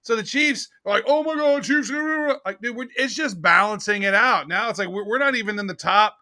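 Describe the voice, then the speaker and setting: A man co-hosting a sports podcast, chatting casually and excitedly, saying "dude" a lot. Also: high voice, normal speed. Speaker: podcast co-host.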